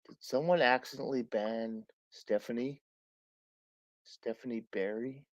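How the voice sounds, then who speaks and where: Slow-talking blunt man on a livestream. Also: medium pitch, fairly even intonation, no room sound, lo-fi sound. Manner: blunt and profane, says he is not cranky; talks slowly with pauses and coughs. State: drinking beer since the night before. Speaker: livestream host. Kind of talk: casual livestream chat.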